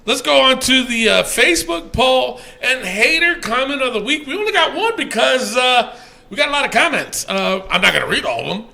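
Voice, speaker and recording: A man hosting a casual podcast, loud and profane, reading out listener comments with laughter. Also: very high-pitched, sing-song, brisk, vocal fry. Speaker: podcast host.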